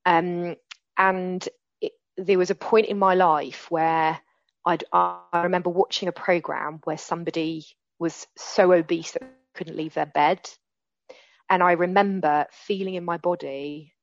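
A woman in her forties shares her recovery story, speaking candidly and earnestly and often restarting her sentences. Her voice is lowish and steady, and her pace measured. There's no room sound, though the recording is muffled.

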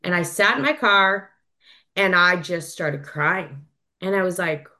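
A woman in her thirties giving a personal share at a recovery meeting, candid and halting, with many fillers and restarts. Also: lowish voice, lively intonation, pushed and bright. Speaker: member sharing at a recovery meeting.

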